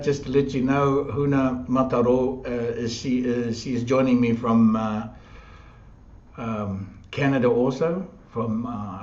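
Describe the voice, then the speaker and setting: A man hosting a live online chat, upbeat and quick to laugh. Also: medium pitch, darkish tone, echoey room, highs cut off. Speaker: host.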